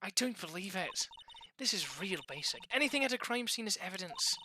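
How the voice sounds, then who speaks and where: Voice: mid-range voice, big pitch swings, fairly quick, background noise, lightly acted. A streamer voicing an eager young woman detective in a put-on Irish accent, in a bossy, lecturing manner. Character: eager young female forensic-minded detective.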